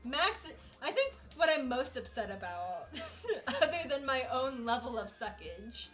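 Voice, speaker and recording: A woman's voice: sits high, sing-song, a little slow, fairly bright tone, faint music behind. A woman live-streaming while she plays a video game, chatting casually and dramatically, exasperated and laughing often.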